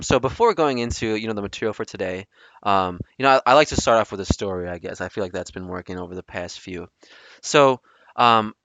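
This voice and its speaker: A man's voice: on the low side, fairly bright tone, no room sound. A young man hosting a casual storytelling podcast, rambling with lots of ums and restarts. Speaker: podcast host.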